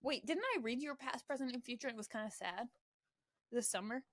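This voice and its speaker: A woman with a Maine accent tells a story in a chatty, playful way on a podcast. Her voice sits a little high. It comes through a dry, close mic. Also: a little fast, fairly bright tone, no echo. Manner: chatty, storytelling, giggly asides. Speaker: podcast co-host. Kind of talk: casual chat.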